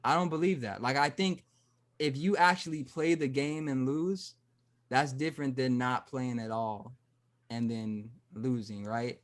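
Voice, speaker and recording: A man in casual podcast talk, working ideas out as he goes. His voice sits at a middle pitch, and he restarts his sentences often. He gets animated when he acts out an example. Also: measured pace. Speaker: podcast host. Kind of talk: casual conversation.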